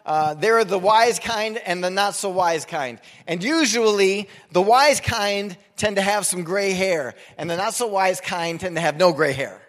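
High-voiced preacher in a reverberant hall. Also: male voice, a little slow, few pauses, fairly bright tone. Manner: conversational, joking preacher. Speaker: pastor. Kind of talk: sermon.

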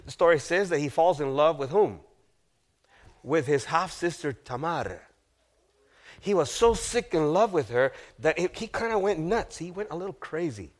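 A male pastor preaching a sermon, retelling a story with drama, asking the audience questions and dropping to a hushed voice at grave moments. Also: fairly high pitch, lively intonation, moderate pace. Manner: dramatic, acts out the figures in quoted lines, asks the audience questions.

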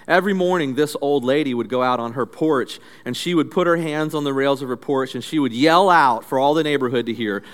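A male pastor preaching a sermon in a conversational, storytelling way. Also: mid-range voice. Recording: echoey hall reverb.

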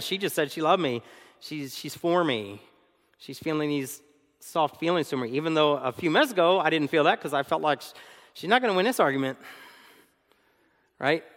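A man preaching a sermon as co-pastor, animated, acting out arguments and laughing often. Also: on the high side, big-room sound.

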